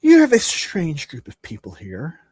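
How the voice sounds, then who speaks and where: Cryptic old witch for a tabletop game, probing and measured, man doing the voice, dry close sound. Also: low-pitched, huge pitch swings, darkish tone, husky, no room sound, exaggerated voice. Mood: guarded.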